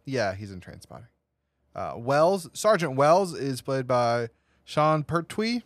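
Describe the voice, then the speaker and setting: A man in an ordinary middle pitch, hosting a movie podcast and working through his notes. He rambles and restarts his sentences. The sound is dry and close, with no room around it. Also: very animated, slow pace, dry recording. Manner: rambling, reads cast notes with fillers and restarts. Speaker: podcast host. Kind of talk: casual movie podcast chat.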